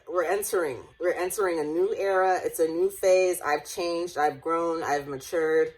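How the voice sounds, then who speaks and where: Speaking to camera in a personal vlog, a woman in her late twenties uses a slightly low voice with fairly even intonation, normal speed and few pauses. She rambles, frequently restarts sentences and bursts into laughter, and at times her voice wavers near tears.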